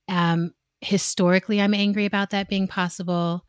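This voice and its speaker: A woman's voice: fairly low pitch, little pitch movement, moderate pace, no echo, studio quality. A woman co-hosting a casual chat, candid and emotional, often laughing and acting out quoted exchanges.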